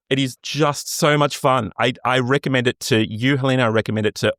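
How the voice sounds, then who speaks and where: A man in his forties, an opera singer co-hosting a casual podcast chat, telling animated stories and breaking into short sung snippets. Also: mid-range voice, brisk, few pauses, no echo, clean studio sound.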